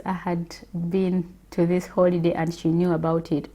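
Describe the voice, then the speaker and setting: A woman from Africa and a mother, telling her personal faith testimony in a slow, reflective way with hesitant pauses. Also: on the low side, little pitch movement, dark tone. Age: adult with children.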